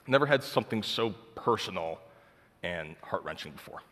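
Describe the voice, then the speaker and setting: A man's voice: lowish voice, expressive, a little fast, sharp tone, big-room sound. A young man sharing a personal faith testimony in casual, heartfelt storytelling full of filler words. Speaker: speaker sharing his testimony.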